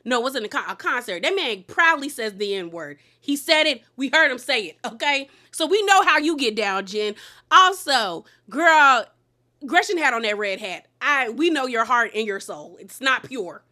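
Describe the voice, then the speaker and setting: A woman's voice: high-pitched, expressive, normal speed, bright, forceful tone. A woman hosting a reality TV recap, talking in a sassy, blunt way and laughing often. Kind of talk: casual recap commentary.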